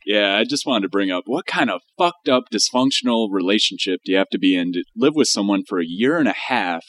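A man's voice: on the low side, animated, brisk, fairly bright tone, slight background noise. A man co-hosting a podcast in casual, crude, laid-back chat. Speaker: podcast co-host.

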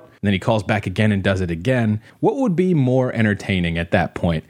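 A man's voice: on the low side, lively intonation, fairly quick, few pauses, darkish tone. A man in a casual podcast chat, blunt and profane, rambling and laughing often. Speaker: podcast co-host.

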